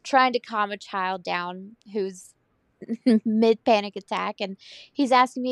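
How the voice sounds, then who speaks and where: A woman with a Southern US accent co-hosting a casual chat, telling stories in an animated way and laughing as she goes. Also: a little high, moderate pace, no echo, clean studio sound. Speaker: podcast co-host.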